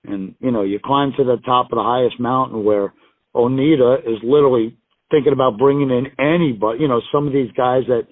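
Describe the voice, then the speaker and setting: A man's voice: medium pitch, a little fast, dry recording. A middle-aged man tells stories as a guest in a casual interview. His voice comes through a thin, tinny phone line with a dry sound. He rambles, circles back, and punctuates his points with frank, emphatic profanity.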